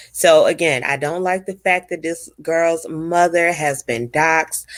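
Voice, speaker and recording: A woman's voice: on the low side, no room sound. Blunt, swearing woman ranting to viewers. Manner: blunt, emphatic, swears freely, talks straight to viewers. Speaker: commentary vlogger. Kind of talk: casual rant to viewers.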